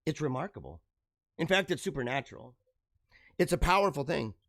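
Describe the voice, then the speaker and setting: A man's voice: on the high side, animated, fairly quick, a bit bright, no echo, clean studio sound. A man hosting a live show, delivering an exuberant, preachy motivational monologue and laughing often.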